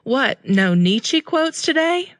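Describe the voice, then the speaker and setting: A woman reading an audiobook, voicing its witty, bookish young heroine in a brighter, raised voice. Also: medium pitch, animated, a little slow, dry recording, clean studio sound. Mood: playful.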